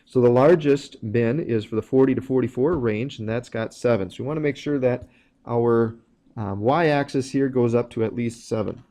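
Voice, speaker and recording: A man talking through a math lesson in a relaxed, mellow voice. He explains each step plainly and pauses now and then with an um. His pitch sits in an ordinary middle range. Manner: plain explanatory, walks through steps with fillers. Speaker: teacher.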